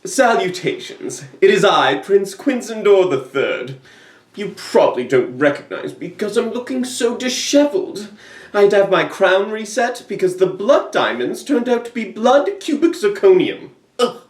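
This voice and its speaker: A man's voice: high voice, very animated, a little slow. A man playing a vain, aloof young prince who speaks in a grand, formal way. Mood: haughty. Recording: echoey room, mic far off.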